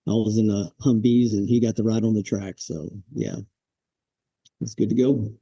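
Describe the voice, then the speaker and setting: A man in his forties with a very dark, mellow voice tells war stories in a relaxed, chuckling way. He slips into the barking voices of old drill instructors as he goes. The sound is dry and close, with no room around it. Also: lowish voice, normal speed, husky, dry recording. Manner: laid-back, chuckles, acts out quoted drill instructors. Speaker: podcast guest, Marine veteran. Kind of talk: casual storytelling interview.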